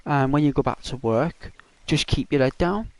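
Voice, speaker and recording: A man, gently consoling someone in a rambling, halting way full of fillers. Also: a little high, no echo. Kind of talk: consoling casual chat.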